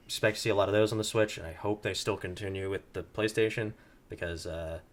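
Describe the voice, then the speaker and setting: A man's voice: on the low side, fairly even intonation, fast talker. A young man co-hosting a gaming podcast in casual chat, rambling with many fillers and restarts. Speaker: podcast co-host.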